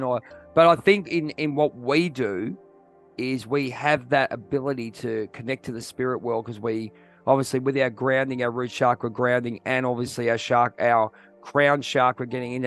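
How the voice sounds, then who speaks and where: A man's voice: mid-range voice, steady tone, moderate pace, faint music behind. A man with an Australian accent hosting a podcast, rambling and searching for words, calling people "mate". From Western Australia. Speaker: podcast host. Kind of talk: casual interview chat.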